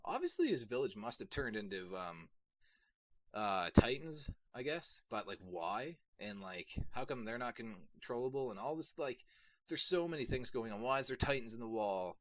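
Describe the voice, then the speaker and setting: A young man reviewing an anime episode on his channel, rambling casually with lots of fillers and bursts of excitement. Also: medium pitch, moderate pace, a little hiss or hum. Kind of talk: casual solo video review.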